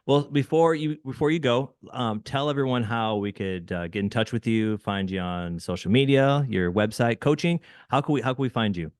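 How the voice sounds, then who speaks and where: A man's voice: mid-range voice, normal speed, hardly any pauses, no echo. A man hosting a podcast interview, affirming his guest often and asking questions with enthusiasm. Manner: affirming, frequent mm-hmms, enthusiastic. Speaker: podcast host. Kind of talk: casual interview talk.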